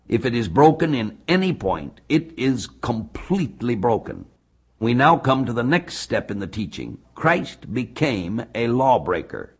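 A man giving expository Bible teaching, measured and deliberate, reading scripture slowly. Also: lowish voice, breathy edge.

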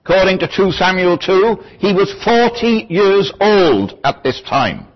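Male Bible teacher, husky and animated, digressive lecturing style, dull lo-fi recording. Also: high-pitched, a little slow. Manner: thoughtful, digressive, lecturing with asides.

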